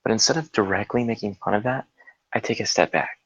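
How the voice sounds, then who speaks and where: Casting: low, gravelly man, rambling chatty storyteller, dry dull recording. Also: fairly quick, no room sound. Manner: rambling, laughs through his story, frequent fillers. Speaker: guest. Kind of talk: casual storytelling chat.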